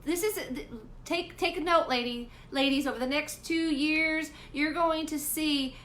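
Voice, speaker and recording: A woman's voice: sits high, steady tone, a little slow, a bit bright. A woman hosting a casual live business coaching chat, speaking directly and emphatically to her viewers. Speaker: host.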